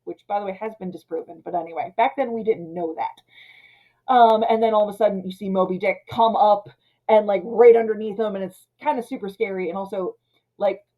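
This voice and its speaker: A woman in her thirties casually ranting about an old film, retelling scenes and slipping into quick character voices. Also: mid-range voice, dark tone, low-quality recording. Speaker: film commentator. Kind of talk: casual movie rant.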